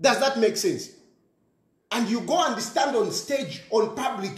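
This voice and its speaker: A man's voice: very high voice, expressive, unhurried, roomy sound. A man with a Zambian accent ranting scornfully in a monologue, repeating himself and scoffing. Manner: ranting, scornful, repeats phrases, mixes in local words. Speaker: commentator. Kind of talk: impassioned monologue.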